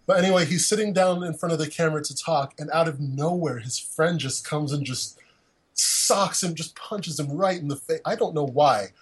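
Husky, fairly high-voiced man hosting a podcast. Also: normal speed, poor audio. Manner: rambling and jokey, many fillers. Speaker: podcast host. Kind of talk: casual podcast chat.

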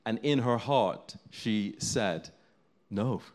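A man's voice: lowish voice, normal speed. A man preaching a sermon, telling a story in an earnest, building way.

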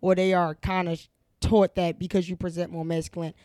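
A woman's voice: lowish voice, little pitch movement, brisk, dark tone, dry recording, studio quality. A young woman co-hosting a podcast, talking bluntly and joking in casual chat. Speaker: podcast co-host.

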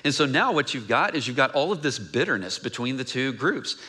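Male pastor, bright tone, conversational sermon delivery, reads scripture low and quiet. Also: very animated, brisk, husky. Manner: conversational, asks the congregation questions.

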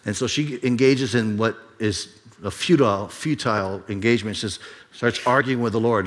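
A man's voice: lowish voice, moderate pace. A male pastor telling a story in a sermon, conversational and full of restarts. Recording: long reverb of a large hall.

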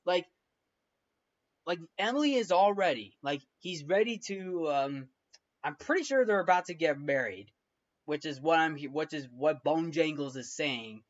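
A man's voice: fairly high pitch, animated, measured pace, muffled recording. A man hosting a film review show, recapping the story in a casual, rambling way with many restarts and fillers.

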